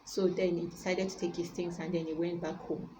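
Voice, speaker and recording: A woman's voice: on the low side, flat delivery, a little fast, noisy background. A woman preacher giving a sermon, retelling a Bible story and urging her listeners with emphatic repetition.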